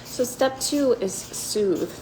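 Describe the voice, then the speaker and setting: A woman giving a casual self-help talk, candid and profane, with playful asides and soft, soothing self-talk. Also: a little high, slow pace, noisy background.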